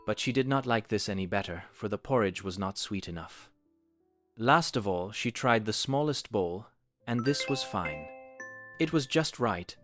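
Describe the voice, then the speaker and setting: Low-voiced man reading a storybook. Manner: animated, expressive read-aloud.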